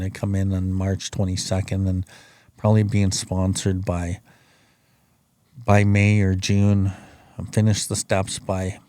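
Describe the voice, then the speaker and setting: Middle-aged male podcast host, blunt and profane storyteller; dark, dry close sound. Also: low voice, dry recording. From Canada. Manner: rambling, profane, plain-spoken. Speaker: podcast host sharing his recovery story. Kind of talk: casual storytelling.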